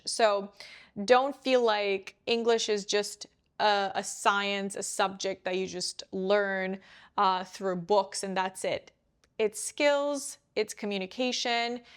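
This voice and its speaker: A young woman giving a casual pronunciation lesson to camera, chatty and often checking in with the viewer as she explains. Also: mid-range voice. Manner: chatty, often checks in with "right?" and "you know". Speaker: English pronunciation coach.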